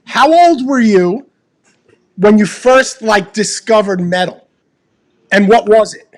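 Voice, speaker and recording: A man's voice: sits high, takes it slowly. A middle-aged man hosting a casual interview, asking questions with enthusiasm and often stumbling over his words. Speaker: podcast host.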